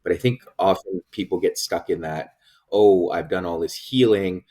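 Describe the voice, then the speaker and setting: A man with a very low voice, hosting a casual podcast. He speaks reflectively and thinks aloud as he goes. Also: moderate pace, warm tone. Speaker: podcast host.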